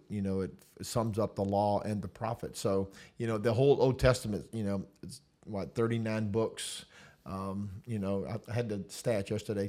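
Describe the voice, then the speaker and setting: A man, a pastor, chatting casually about his church, relaxed and laughing easily, with many fillers. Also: lowish voice. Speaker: senior pastor. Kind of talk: casual chat.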